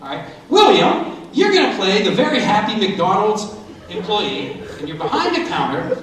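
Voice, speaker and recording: A middle-aged man, a speaker at a school assembly, coaching students through a role-play with jokes and animated energy. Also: high voice, moderate pace, background noise. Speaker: motivational speaker. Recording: very echoey hall, from far off.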